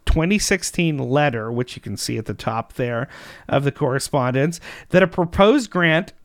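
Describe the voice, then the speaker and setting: A man's voice: medium pitch, expressive, moderate pace, no echo, clean studio sound. A man co-hosting a political commentary podcast, talking in an emphatic, sarcastic way. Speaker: podcast co-host.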